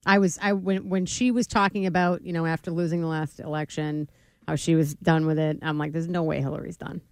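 A radio talk show co-host bantering casually with sarcastic, deadpan remarks. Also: medium pitch, fairly quick, clear, resonant tone, no echo.

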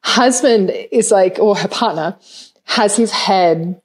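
A woman hosting a podcast, emotional and expressive, who laughs often and lets the odd swear slip. Her voice sits at a plain middle pitch and her delivery is casual and heartfelt. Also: takes it slowly, husky. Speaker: podcast host. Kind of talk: podcast interview.

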